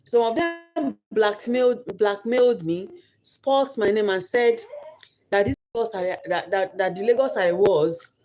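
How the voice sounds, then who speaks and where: A woman's voice: medium pitch, measured pace, dark tone, soft background music. A young Nigerian woman giving an earnest motivational talk about her life, repeating phrases for emphasis. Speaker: vlogger.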